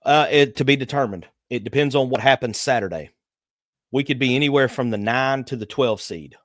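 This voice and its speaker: A man co-hosting a sports talk show, calmly laying out seedings and game details. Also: mid-range voice, a little fast, no echo, clean studio sound. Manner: steady, explains stats and seeding. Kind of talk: sports analysis chat.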